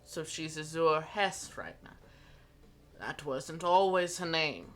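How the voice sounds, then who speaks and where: Hesitant quiet young woman, voiced by a woman, soft and halting, tabletop game role. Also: low voice, animated, soft background music, heavily acted. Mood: quiet, awkward. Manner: hushed, halting speech with many restarts.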